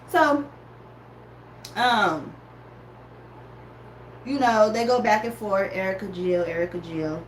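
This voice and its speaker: A woman in casual chat, telling an animated story and calling her listeners y'all. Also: medium pitch, slow, pauses often. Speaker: podcaster reviewing a music battle. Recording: echoey room with faint background noise.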